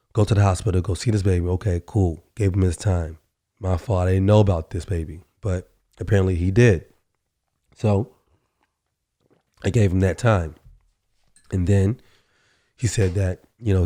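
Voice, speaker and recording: A man's voice: deep voice, warm tone, no room sound. A man hosting a podcast, telling a workplace story in a casual, conversational monologue, acting out both sides of the dialogue and often saying "you know". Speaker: podcast host.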